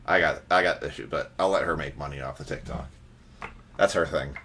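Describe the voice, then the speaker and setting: A man's voice: a bass voice, a little fast, fairly bright tone, a little hiss or hum. A man hosting a trading card break livestream, chatting casually and teasing his viewers.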